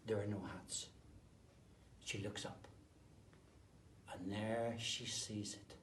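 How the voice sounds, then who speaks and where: A man, a teacher, telling a story to children, swinging between whispered asides and sudden loud bursts. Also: on the low side, steady tone, takes it slowly, pauses often. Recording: roomy, distant mic, faint background noise.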